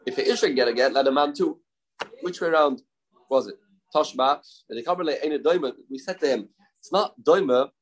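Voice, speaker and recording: A man's voice: a little high, husky, poor audio. A man teaching a daily Talmud class, mixing English with Hebrew and Aramaic terms and asking rhetorical questions.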